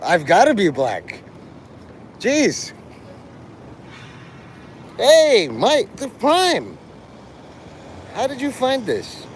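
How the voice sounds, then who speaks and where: A man's voice: extremely high pitch, wildly swooping pitch, drawn-out words, pauses often, a little hiss or hum. A man streaming live and talking with his chat in a provocative, profane, rambling way. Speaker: livestreamer. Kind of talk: casual livestream chat with viewers.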